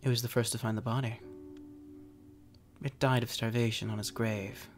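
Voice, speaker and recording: Composed male doctor, watchful and gentle, as the narrator reads him; mid-pitched. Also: level tone, soft background music, natural voice. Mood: probing. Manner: measured and probing, gentle. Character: calm, watchful male physician.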